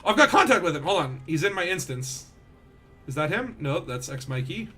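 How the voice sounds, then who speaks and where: A young man giving animated gameplay commentary as a streamer, yelling when things get exciting. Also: fairly high pitch, moderate pace, slightly rough, soft background music. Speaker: game streamer.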